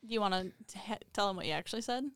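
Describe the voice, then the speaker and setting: Smooth-voiced chatty woman. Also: mid-range voice, racing, a bit bright, no room sound, clean studio sound. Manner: chatty, teasing, sprinkled with "like". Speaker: podcast co-host. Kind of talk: casual chat.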